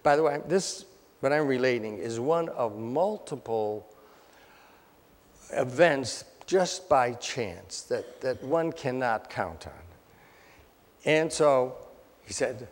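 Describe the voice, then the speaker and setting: A man's voice: medium pitch, expressive, slow pace, pauses often. An older man telling a self-deprecating, wry anecdote to an audience, acting out the voices he quotes. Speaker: speaker telling his story. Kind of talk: anecdotal storytelling talk. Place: hotel ballroom. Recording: long hall reverb.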